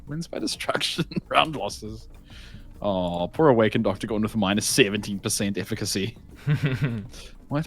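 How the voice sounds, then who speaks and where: A man casting a tournament match live in casual commentary, excitable, laughing often and reading chat aloud. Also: lowish voice, normal speed, long pauses. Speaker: esports caster.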